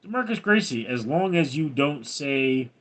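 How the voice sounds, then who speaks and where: Slow deadpan older man reading chat. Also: medium pitch. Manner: reads viewer comments aloud, dry and deadpan. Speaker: livestream host reading chat. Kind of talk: casual livestream chat.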